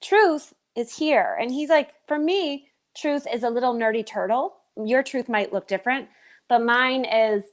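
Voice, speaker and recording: A woman performer talking as a guest in an animated, expressive way. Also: fairly high pitch, normal speed. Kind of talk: casual chat.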